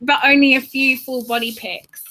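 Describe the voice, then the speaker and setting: Bright, high-voiced woman reading comments. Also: steady tone, normal speed. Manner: reads out comments, dry and playful. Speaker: co-host reading viewer comments. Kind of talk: casual chat.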